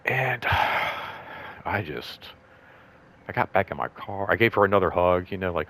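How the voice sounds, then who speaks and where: A man's voice: lively intonation, unhurried, a bit bright, slight background noise. A middle-aged man telling a personal story in a casual, rambling way, full of fillers, sometimes acting out what others said. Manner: acts out quoted voices in higher pitch. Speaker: host.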